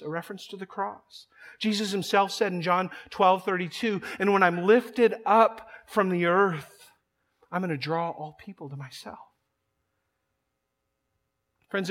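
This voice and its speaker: A man's voice: a little high, fairly bright tone. A man preaching a sermon, emphatic and repeating words as he builds each point. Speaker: pastor.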